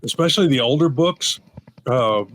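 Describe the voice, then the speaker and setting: A man's voice: mid-range voice, animated, normal speed, a bit bright. A man co-hosting a podcast as the publisher, talking in an easygoing, rambling way and often correcting himself mid-sentence. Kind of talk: casual chat.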